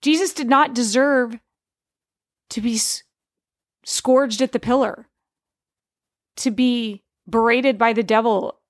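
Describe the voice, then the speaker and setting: A woman's voice: fairly high pitch, slow, pauses often, dry recording, studio quality. A woman in her forties giving an earnest, conversational faith testimony, full of fillers and restarts. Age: 40s.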